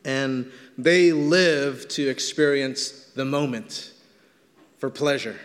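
A man's voice: mid-range voice, slow pace. A man preaching a sermon as pastor, teaching in a conversational way and stretching words for emphasis. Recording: long hall reverb.

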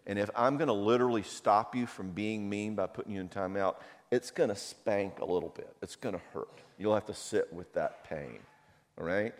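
Middle-aged male speaker, slightly low pitch, chatty talk with acted-out anecdotes, booming hall sound. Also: moderate pace. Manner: animated storyteller who acts out quoted voices. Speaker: speaker on marriage and anger. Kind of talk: conversational talk with personal anecdotes. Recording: long hall reverb.

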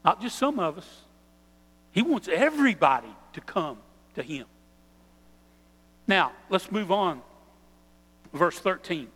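A man preaching a sermon as pastor, earnest, slowing down and stressing key phrases. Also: sits high, sing-song, fairly bright tone, slightly rough, long reverb tail, low-quality recording.

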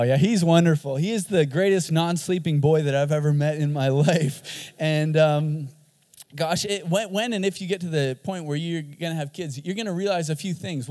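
Man, pastor, sermon, high voice, lively and emphatic, joking, long hall reverb. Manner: energetic, joking, emphatic preaching.

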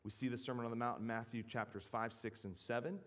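A man preaching a sermon as a pastor, measured and reflective, with occasional restarts. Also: mid-range voice, fairly even intonation, long reverb tail.

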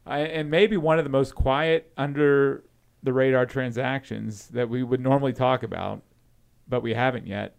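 Gravelly man stumbling through sports talk. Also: mid-range voice, steady tone, normal speed. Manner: hesitant, repeats words, trails off. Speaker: podcast co-host. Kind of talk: casual sports chat.

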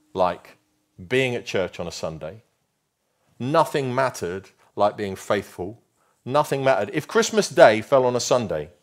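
A man preaching a sermon, emphatic and slowing right down to stress key phrases. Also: fairly low pitch. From England.

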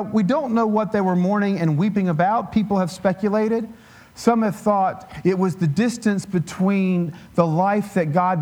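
A man with a somewhat raised pitch preaches in a conversational, teacherly way. He explains patiently and slips in dry, humorous asides. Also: darkish tone. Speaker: guest preacher and biblical scholar. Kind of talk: conversational sermon.

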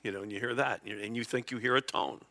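A man's voice: fairly low pitch, steady tone, fast talker, creaky, bright, forceful tone. A middle-aged man preaching a conversational Bible-teaching sermon, chuckling often and acting out small dialogues. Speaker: pastor.

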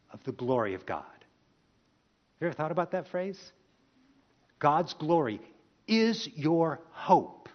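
A man preaching a sermon, telling the story in lively, expressive turns and asking the congregation rhetorical questions. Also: fairly high pitch. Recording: dull lo-fi recording.

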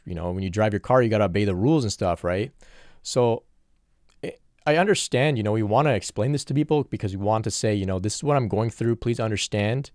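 A man's voice: fairly low pitch, a little mellow, dry recording, studio quality. A man in an earnest, reflective solo question-and-answer talk, working through spiritual questions from viewers.

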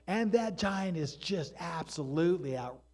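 A man preaching a sermon, telling Bible stories with lively animation and acting out the characters. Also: fairly high pitch, measured pace. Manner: animated storytelling preacher, acts out voices in stories. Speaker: pastor.

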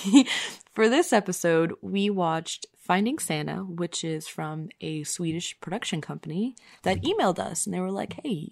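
A young adult woman hosting a podcast, talking casually and rambling, with lots of fillers and quick self-corrections. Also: on the low side, gravelly, dry recording, studio quality. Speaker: podcast host.

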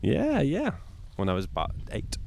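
A playful man hosting an easy outdoor chat. His pitch leaps all over the place, from low asides to squeaky jokes. He teases his guest and breaks into silly voices. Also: huge pitch swings, moderate pace, creaky, a little mellow, a little hiss or hum. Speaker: podcast host. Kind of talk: casual conversation.

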